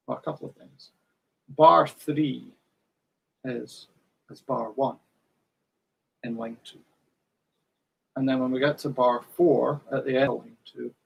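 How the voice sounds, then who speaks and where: A man's voice: medium pitch, creaky, husky, highs cut off. A man teaching fiddle in an online workshop, patiently counting in and singing rhythms.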